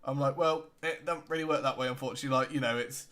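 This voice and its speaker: A man's voice: medium pitch, quick pace. Chill young british guy co-hosting, mid voice, laughs a lot. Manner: relaxed, laughs often, retells customer exchanges. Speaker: podcast co-host. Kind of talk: casual chat.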